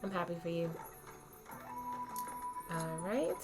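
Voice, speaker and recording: A woman giving casual, excitable commentary while playing a cozy video game, talking to herself with lots of "okay"s. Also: medium pitch, unhurried, vocal fry. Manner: chatty, excitable, many "okay"s. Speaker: let's play host. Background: soft game music.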